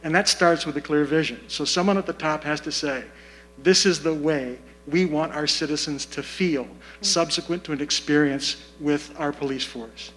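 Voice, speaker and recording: Man, community forum speaker, slightly high voice, deliberate and measured. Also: a bit bright, a little hiss or hum, low-quality recording. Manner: measured, deliberate, repeats key points. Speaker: community meeting participant. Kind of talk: public comment at a community forum. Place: meeting room.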